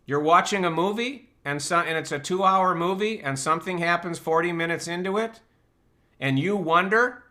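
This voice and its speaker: A man's voice: sits high, moderate pace, pushed and bright. A man hosting a live online Q&A show, talking casually and explaining his ideas through rhetorical questions. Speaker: host and personal-growth teacher.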